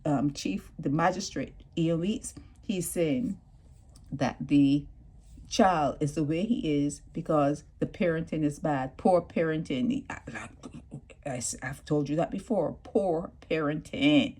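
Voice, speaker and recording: A woman vlogger giving animated, indignant commentary on a court case, talking straight to her viewers. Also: sits low, takes it slowly, husky. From Barbados. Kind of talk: opinionated news commentary.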